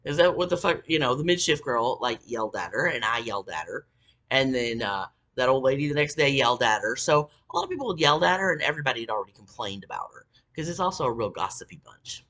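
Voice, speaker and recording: A woman rants through a casual story, swearing freely and looping back with ums and likes. Her pitch swings up and down with a lot of life. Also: expressive, quick pace, fairly bright tone. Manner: profane, rambling, full of fillers. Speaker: vlogger.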